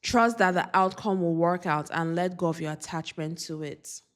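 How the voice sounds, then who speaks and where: A woman doing a spiritual oracle card reading, speaking earnestly and repeating affirmations. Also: fairly low pitch. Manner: slow, repetitive, earnest affirmations.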